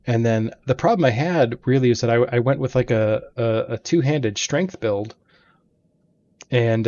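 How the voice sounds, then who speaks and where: A man's voice: medium pitch, darkish tone, muffled recording. A man hosting a let's play, telling long stories about beating game bosses in a chatty, rambling way from his home gaming room. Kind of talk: casual gaming commentary.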